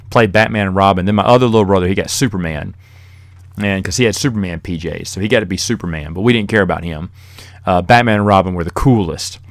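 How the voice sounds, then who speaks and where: Man, podcast host, fairly low voice, dry close sound, casual rambling talk, chuckles now and then. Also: no room sound. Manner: rambling, chuckles while telling stories. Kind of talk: casual solo monologue.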